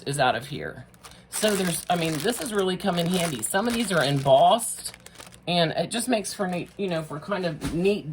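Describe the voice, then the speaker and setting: Middle-aged lady showing off her crafts, low voice that bounces all over, chatty and giggly. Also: a little hiss or hum. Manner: bubbly, chatty, laughs often at herself. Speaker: craft vlogger. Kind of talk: casual craft tutorial chat.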